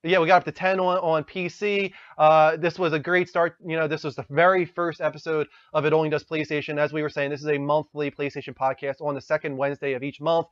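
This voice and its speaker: A man's voice: fairly high pitch, level tone, fast, few pauses, clear, resonant tone, no echo. A man hosting a casual gaming podcast, talking enthusiastically and thanking followers. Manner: enthusiastic, wraps up and reads out thanks. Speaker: podcast host. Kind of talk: casual chat. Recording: dull lo-fi dry sound.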